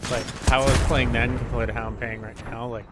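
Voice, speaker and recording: A man's voice: medium pitch, little pitch movement, fast talker, very noisy. A man streaming a shooter game, chatting casually and rambling with lots of fillers as he plays. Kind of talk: casual gameplay commentary. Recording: game music behind the voice.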